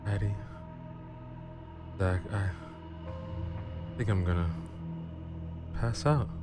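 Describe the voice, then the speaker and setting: A man voicing a desperate young man in love, pleading and halting over music. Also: lowish voice, voice pushed up.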